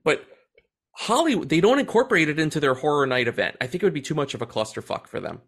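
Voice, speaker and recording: A man co-hosting a podcast, telling stories in a loose, excitable way. He swears freely and laughs often, and his pitch swings widely as he talks. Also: fast. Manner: excited, profane, laughing storyteller. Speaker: podcast co-host. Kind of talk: casual chat.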